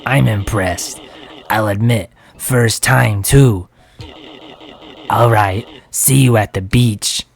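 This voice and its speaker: A man putting on a slow, pleased game character. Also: lowish voice, gravelly.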